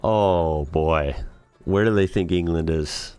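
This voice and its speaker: A deep-voiced man riffs casually through comments on a reaction video, laughing often and sounding amused and incredulous. His voice is dry and close, with faint music in the background. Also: takes it slowly, a little mellow, smooth, dry recording. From United States.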